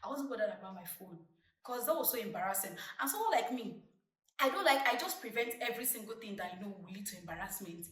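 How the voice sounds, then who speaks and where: A young Nigerian woman in her twenties, a vlogger telling stories from her childhood in a chatty, lively way. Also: mid-range voice, quick pace. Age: 20s. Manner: chatty, lively retelling with acted-out quotes. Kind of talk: casual storytelling to camera. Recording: roomy, distant mic.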